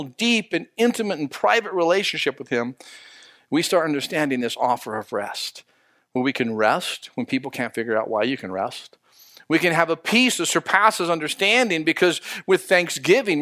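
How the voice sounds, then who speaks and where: A man, a pastor, preaching a sermon in a conversational way, asking his listeners questions and slowing down to stress key words. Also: fairly high pitch, a bit bright, dry recording, studio quality. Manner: conversational preaching, rhetorical questions, slows for emphasis.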